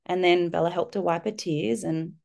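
A middle-aged woman, a guest on a parenting podcast, telling a personal story with lively, animated delivery. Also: fairly low pitch, moderate pace, gravelly. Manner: warm, animated storytelling, acting out children's voices.

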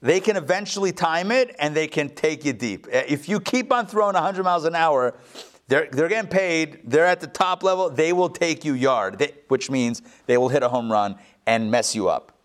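Animated man teaching a Torah class. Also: a little high, moderate pace. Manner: animated, joking asides, self-correcting. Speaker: rabbi. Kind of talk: live Torah class lecture. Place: classroom at a live event.

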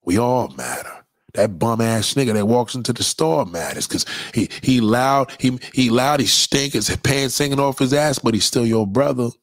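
A man's voice: mid-range voice, expressive, moderate pace, no echo, studio quality. A man delivering a profane, preachy rant straight at his audience. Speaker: commentator. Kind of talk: impassioned monologue rant.

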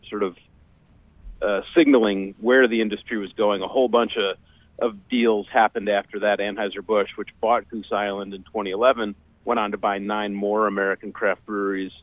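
Low-voiced man over a tinny phone line. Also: little pitch movement, no room sound. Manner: measured, explanatory, many fillers. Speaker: guest, beer writer.

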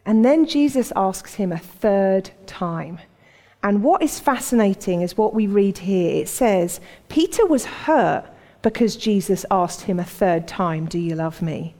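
A woman with a medium-pitched, dark-toned voice preaches a sermon, unhurried and expressive. She tells stories conversationally and acts out the voices of their characters. The recording carries a long hall reverb.

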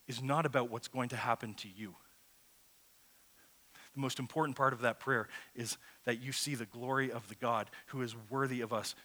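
Bright-voiced earnest male preacher. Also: mid-range voice. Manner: earnest, conversational preaching that swells to loud emphatic peaks. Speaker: pastor. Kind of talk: sermon.

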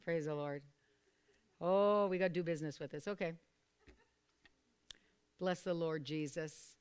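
A woman preaching a sermon to a small group, repeating phrases and calling for responses, sometimes bursting into loud, fervent exclamations. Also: sits low, measured pace, clear, resonant tone. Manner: repetitive, calls for responses from listeners.

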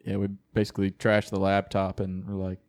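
A man chatting casually as a podcast co-host, telling jokes with a deadpan delivery. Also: sits low, brisk. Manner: deadpan, joking. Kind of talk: casual banter.

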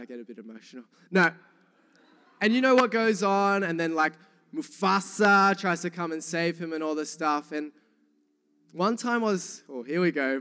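A man's voice: on the high side, long reverb tail. A young man with a New Zealand accent, preaching a sermon and telling funny stories to the congregation. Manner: lively storytelling, jokes with the congregation. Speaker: youth pastor.

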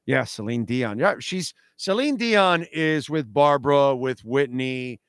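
A man's voice: mid-range voice, animated, a little slow, smooth, no echo, clean studio sound. A man hosting a radio show, talking casually and emphatically, often repeating himself and answering listener comments. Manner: emphatic, repeats "no, no, no", reacts to chat. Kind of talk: casual opinionated radio talk. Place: radio studio.

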